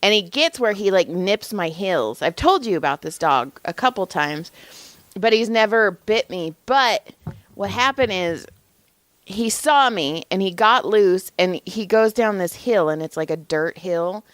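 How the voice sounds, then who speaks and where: A young adult woman co-hosting a podcast, telling a story in casual chat with lively acted-out quotes and frequent swearing. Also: mid-range voice, a little slow, no echo. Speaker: podcast co-host.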